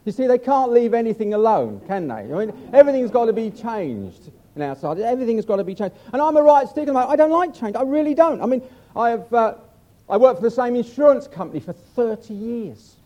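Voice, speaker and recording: A man's voice: very high voice, animated, a little fast, warm tone, highs cut off. An older man preaching a humorous sermon, chatty and self-mocking as he tells stories.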